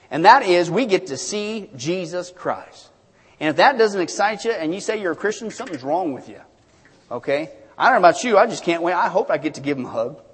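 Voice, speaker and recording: A man preaching a sermon as pastor, animated, swinging between sudden shouts and hushed asides, in a church sanctuary. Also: a little high, slightly rough. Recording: long reverb of a large hall.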